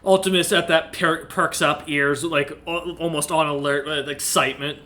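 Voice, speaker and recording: A man with a bright, strained, fairly high voice narrates a tabletop game as its game master. He hesitates often and fills the gaps as he describes the scene. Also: steady tone, normal speed. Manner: hesitant, filler-heavy narration.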